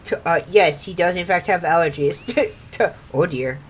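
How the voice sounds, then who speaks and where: A woman's voice: fairly low pitch, moderate pace, slight background noise. A woman streaming a video game, chatting casually, laughing often, swearing freely and reading game lines aloud. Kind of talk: casual gameplay commentary.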